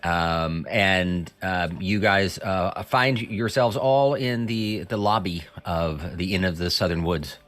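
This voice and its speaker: A man narrating a tabletop game as game master, halting with many fillers and pauses. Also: deep voice, steady tone, fairly bright tone.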